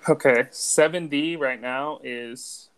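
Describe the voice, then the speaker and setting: A man's voice: mid-range voice, slow pace. Podcast host guy, chill, swears, laughs a lot, faint noise behind. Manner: relaxed, laughs and swears, steers the segment. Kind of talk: casual chat.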